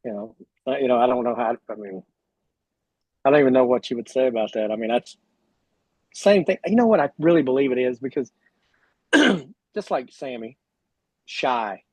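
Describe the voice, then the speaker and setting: A man's voice: mid-range voice, moderate pace, pauses often, breathy edge, no echo, rough recording. A man with an Oklahoma drawl, a guest on a casual podcast, rambling with lots of "you know" and restarts. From Oklahoma, USA. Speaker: guest, sprint car driver.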